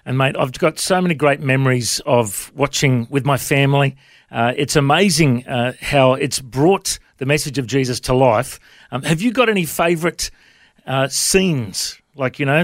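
An Australian man hosts a chat with a guest, his voice a touch higher than most men's. The sound is close and dry, with no room in it. He speaks in a friendly, easy way. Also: no echo. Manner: friendly, says mate often. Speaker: podcast host. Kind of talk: interview hosting.

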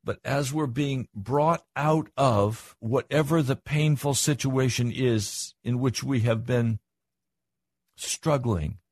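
Older guy preaching, kinda husky, gets earnest and goes up when he stresses stuff. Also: slow, no echo. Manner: earnest, rises in pitch for emphasis. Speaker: pastor. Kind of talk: sermon.

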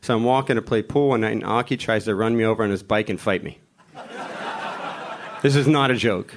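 A middle-aged man, a guest on a live podcast, telling a story in an animated way, with frequent laughter. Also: fairly low pitch, brisk, noisy background.

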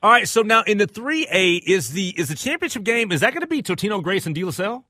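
A man's voice: quick pace, no room sound. A man hosting a radio talk show, chatting casually and agreeably with his co-host and a guest. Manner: conversational, agreeable, rises in pitch when excited.

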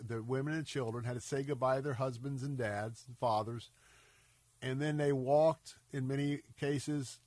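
A man's voice: medium pitch, a little mellow, dry recording. Male radio host pleading for donations, earnest and urgent, a bit congested and scratchy, dry studio mic. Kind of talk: radio fundraising appeal.

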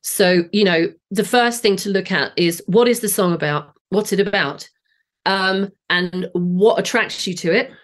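A woman's voice: mid-range voice, a little slow. A woman in her late forties with a Southeast English accent, a singing teacher guest explaining her ideas with enthusiasm and frequent restarts. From Southeast England. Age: 40s. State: voice a bit off today. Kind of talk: podcast interview.

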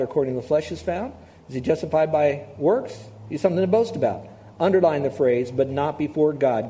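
A pastor preaching a sermon, telling personal stories in a conversational way and asking the audience questions. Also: male voice, a little high, warm tone.

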